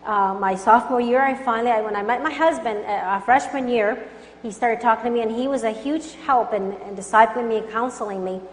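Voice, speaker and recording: A woman's voice: fairly high pitch, a little fast. A woman from Colombia giving an earnest testimony sermon, urging her listeners with conviction. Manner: earnest, urgent exhortation. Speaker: Christian speaker. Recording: echoey hall with faint hum.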